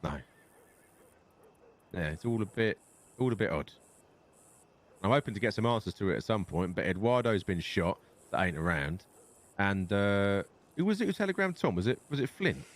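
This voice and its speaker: Deep-voiced swearing Londoner. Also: male voice, sing-song, normal speed, pauses often. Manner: swears a lot, rambling storyteller. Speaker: gang leader in roleplay. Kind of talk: in-character roleplay chat.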